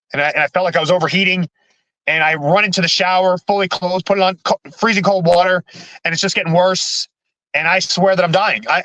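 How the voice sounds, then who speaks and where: A man, a podcast guest, telling his own story in a halting way, with many restarts and repeated words. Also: on the high side, sharp tone, no room sound, rough recording. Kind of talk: candid personal storytelling.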